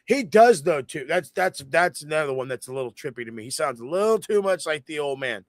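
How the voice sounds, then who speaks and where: Animated, profane higher-voiced man. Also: a little fast, no echo, studio quality. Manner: profane, animated storytelling with mocking quoted voices. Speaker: podcast co-host. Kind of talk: casual wrestling review chat.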